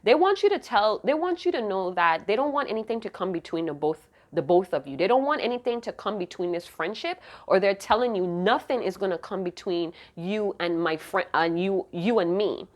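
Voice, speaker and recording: A woman's voice: mid-range voice, expressive, fairly quick, hardly any pauses. A woman giving an intuitive tarot reading to camera, emotive and rambling, often breaking off mid-thought to restart. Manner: rambling, emotive, self-interrupting. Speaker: tarot reader.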